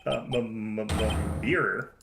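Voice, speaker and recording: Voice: mid-range voice, slow pace, background noise. Young defense lawyer, read by a streamer, wry and mildly exasperated. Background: loud game music.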